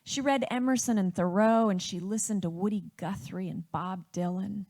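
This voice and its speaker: A woman from Wisconsin telling a personal family story in a reflective, unhurried way. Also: mid-range voice, a little mellow.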